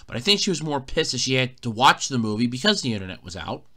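A man's voice: medium pitch, big pitch swings, fast, bright, forceful tone. A man hosting a casual solo podcast, telling an exasperated, swearing story, recorded in a borrowed room at a fire company. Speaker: podcast host.

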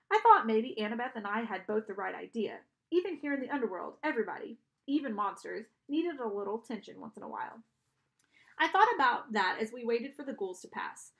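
Woman audiobook reader, expressive, a little high, lively storybook narration. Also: a little fast, creaky.

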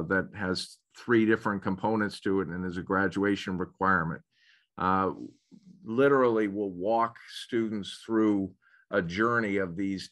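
A man's voice: fairly low pitch, a bit bright. A man speaking as a school administrator in a webinar, hesitant, often repeating words and restarting phrases. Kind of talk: webinar presentation.

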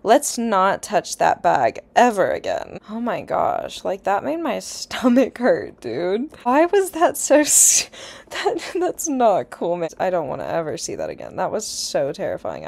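A woman's voice: lowish voice, creaky. A young woman giving casual, easily scared let's-play commentary, chatty and swearing, with nervous laughs. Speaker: gaming YouTuber.

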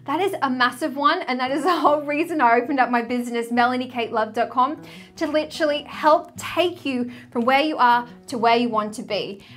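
A woman's voice: high voice, brisk, fairly bright tone, soft background music. A woman in her thirties who works as a spiritual coach, talking to camera in a personal, confessional vlog and leaning hard on the word "literally.". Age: 30s. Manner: heartfelt, confessional, repeats "literally". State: tearful, choked up.

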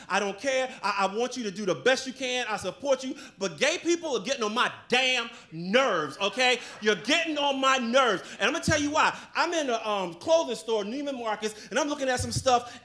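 Man, stand-up comedian, brash, shouting, very high pitch, bright edgy tone. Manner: brash, loud, often shouting, swearing.

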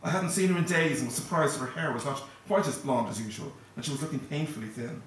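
A male author reading his novel aloud at a live event in a steady, measured first-person narration. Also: mid-range voice. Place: event hall. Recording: echoey hall, distant mic.

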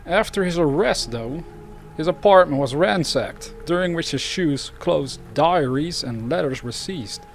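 A man's voice: a little high, animated, unhurried, soft background music. A man hosting a true crime channel, reading cases aloud and breaking off into rambling, chatty asides.

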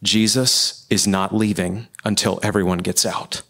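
Impassioned lower-voiced man. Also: steady tone, unhurried, a bit bright. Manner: earnest, impassioned, repeats phrases. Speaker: panelist. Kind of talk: church Q&A panel talk.

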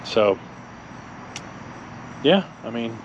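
A man's voice: medium pitch, very animated, very slow, muffled recording, a little hiss or hum. A man co-hosting a car vlog, telling a road-trip story in a rambling way with a lot of laughing. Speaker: co-host of car channel. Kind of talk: casual chat, storytelling.

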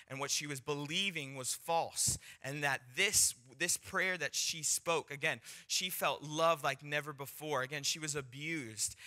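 A young man giving a sermon, telling stories and acting out the people in them. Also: on the high side. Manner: animated, acts out quoted voices, laughs between points. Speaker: speaker sharing a testimony. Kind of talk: sermon storytelling.

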